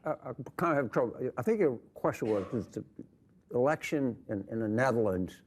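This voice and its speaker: On a TV panel before a studio audience, an older man argues heatedly in an animated, mid-range voice, speaking a little fast over slight background noise. A political commentator guest, he is emphatic and repetitive, jumping between thoughts and often restarting sentences.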